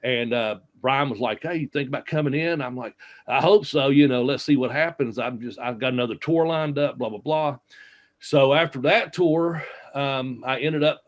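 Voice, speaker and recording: A man's voice: medium pitch, highs cut off. A man, a former wrestler, casually telling long anecdotes with lots of fillers and acted-out quotes in an interview. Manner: rambling anecdotes with many fillers and quoted dialogue. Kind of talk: casual storytelling.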